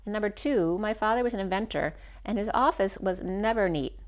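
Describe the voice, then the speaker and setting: Talking fairly quickly in a mid-range voice, a tarot reader who hosts the channel gives a spiritual reading. She rambles, says "um" often, and keeps restarting her sentences. The audio is dull.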